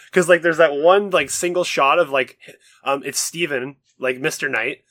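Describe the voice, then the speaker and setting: Bright-voiced young man chatting casually. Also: a little high, huge pitch swings, measured pace, no room sound. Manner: laughs often, swears casually. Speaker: podcast co-host. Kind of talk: casual chat.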